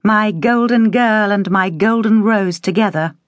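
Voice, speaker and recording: A woman's voice: medium pitch, measured pace, dry recording, pitched above the performer's own voice, lightly acted. A woman reading an audiobook, voicing a loving mother who speaks fondly to her daughter. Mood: tender. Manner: tender, fond.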